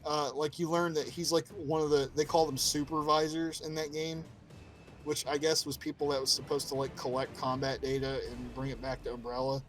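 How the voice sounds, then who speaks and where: A man co-hosting a casual podcast about a video game, animated, swearing freely and acting out character quotes. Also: on the high side, a little fast, faint music behind, low-quality recording. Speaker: podcast co-host.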